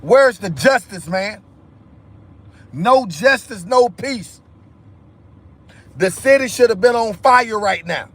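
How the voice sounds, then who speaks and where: A high-pitched man vents on his livestream. He talks heatedly and profanely, circling back to the same phrases again and again. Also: expressive, slow pace, pauses often, fairly bright tone. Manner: heated, repetitive, profane ranting. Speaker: livestream host. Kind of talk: angry livestream rant.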